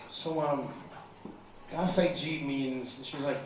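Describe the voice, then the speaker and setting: A man's voice: on the high side, fairly quick. A British man in his twenties doing a profane, brash stand-up set, acting out the dialogue in his stories. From United Kingdom. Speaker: stand-up comedian. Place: comedy bar showcase, indoors. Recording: distant mic, heavy room echo, audience laughter.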